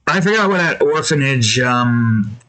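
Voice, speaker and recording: A man's voice: medium pitch, lively intonation, a little slow, fairly bright tone, rough recording. A man giving casual, rambling commentary while he draws. He breaks off often with fillers and restarts. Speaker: artist and video creator.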